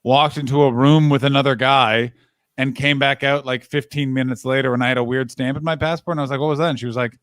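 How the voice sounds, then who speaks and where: A man's voice: mid-range voice, steady tone, fast, fairly bright tone, no room sound, clean studio sound. A Canadian man telling rambling travel anecdotes in casual chat, acting out the quoted dialogue. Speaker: podcast co-host.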